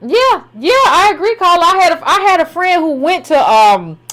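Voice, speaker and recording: A woman with a high voice hosts a call-in talk show. She speaks in a casual, animated way, circling back to the same point again and again. Her speech is full of "like". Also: normal speed, poor audio. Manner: animated, repeats herself for emphasis, frequent "like".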